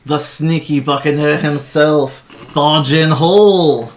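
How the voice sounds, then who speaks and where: A man voicing a loud, showy male arena announcer who hypes the crowd in a tabletop game. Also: fairly even intonation, slow, a little hiss or hum. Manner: booming, hyping the crowd.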